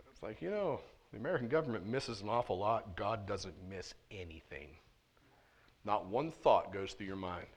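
A man preaching a sermon in a conversational way, swinging between loud emphasis and quiet, hushed asides. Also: mid-range voice. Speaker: pastor. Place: church sanctuary.

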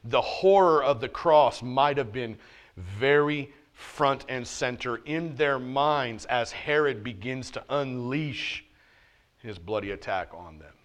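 Man preaching with loud-to-soft swings. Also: slow pace. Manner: swings between loud emphasis and soft, low asides; casual, joking street talk mixed with preaching. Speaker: pastor. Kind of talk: sermon. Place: church service.

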